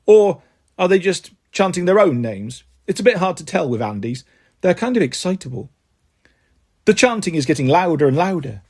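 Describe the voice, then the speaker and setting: Brief: male storybook reader, husky, lively, high-set voice. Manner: animated, jumps to high voices for characters. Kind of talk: children's book read-aloud with voices.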